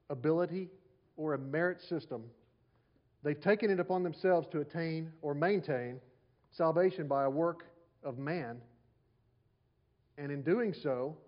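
Male pastor, sermon, slightly high voice, repeats key lines, rhetorical questions, muffled lo-fi recording. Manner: conversational preaching with rhetorical questions and repeated phrases.

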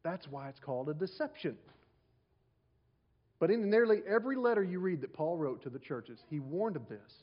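A man's voice: fairly high pitch, big pitch swings, moderate pace, dull audio. A man preaching a sermon to his congregation, repeating key phrases and asking the listeners rhetorical questions. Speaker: pastor.

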